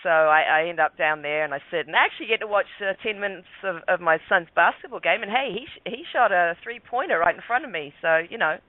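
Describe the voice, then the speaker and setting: A man's voice: high voice, quick pace, hardly any pauses, no room sound. Chatty man telling a story over a phone line. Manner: rambling, many fillers and restarts. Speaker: guest. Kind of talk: casual storytelling. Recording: dry tinny phone line.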